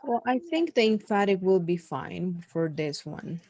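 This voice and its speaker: A woman's voice: lowish voice, big pitch swings, measured pace, dark tone, a little hiss or hum. A woman teaching an online one-on-one English lesson, patiently and politely guiding her student through a reading and correcting his grammar.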